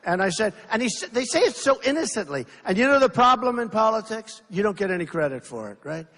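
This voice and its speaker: A man's voice: high voice, very animated, fast, fairly bright tone. A man in his sixties giving an off-the-cuff campaign rally speech, emphatic and repetitive, interrupted by hecklers. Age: 60s. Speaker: political candidate speaking at a rally. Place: large indoor rally venue. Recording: reverberant hall with faint crowd noise.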